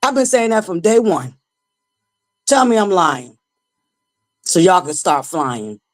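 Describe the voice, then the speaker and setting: A woman's voice: on the low side, sing-song, slow, soft background music, rough recording. Emphatic woman hosting a live chat. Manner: emphatic, preachy, talks straight to the chat. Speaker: host. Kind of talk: casual live-stream chat.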